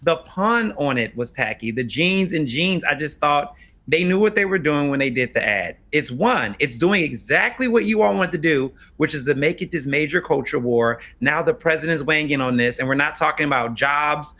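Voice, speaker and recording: A man's voice: fairly high pitch, expressive, moderate pace, bright, forceful tone. A man arguing on a debate panel, insistent and exasperated. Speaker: panel guest.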